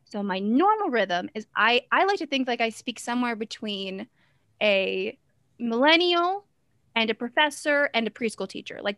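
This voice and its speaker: A woman's voice: fairly high pitch, fairly bright tone, no room sound, clean studio sound. Staccato, teacherly woman performer. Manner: staccato, teacherly rhythm with abrupt pauses. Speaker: character performer. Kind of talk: interview conversation.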